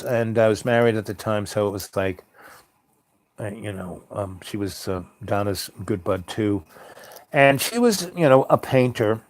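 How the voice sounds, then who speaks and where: A man's voice: mid-range voice, darkish tone, dry recording. Male storyteller host, middle-aged, mid-range voice, rambling casual delivery, dry close recording. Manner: meandering, full of ums and you-knows. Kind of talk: rambling spoken-word storytelling.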